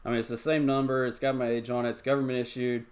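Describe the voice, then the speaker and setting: A man's voice: medium pitch, little pitch movement, quick pace. Chatty man ranting on his show. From Tennessee. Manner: chatty, ranting, repeats himself. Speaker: show host. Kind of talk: live-stream chat show.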